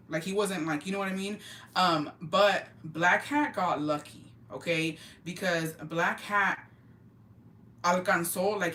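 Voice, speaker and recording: A woman's voice: on the low side, a bit bright, far from the mic. A woman gossips to her viewers in a loose, profane, emphatic storytelling voice, slipping Spanish phrases into her English. She sits back from the mic in a roomy, echoing space. A faint hum of ambient noise runs underneath. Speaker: vlogger.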